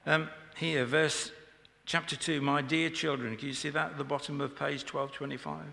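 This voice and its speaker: A man's voice: fairly high pitch, little pitch movement, moderate pace, gravelly, sharp tone. A man preaching an informal sermon in church, chatty and joking with the congregation. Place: church hall. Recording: echoey church hall.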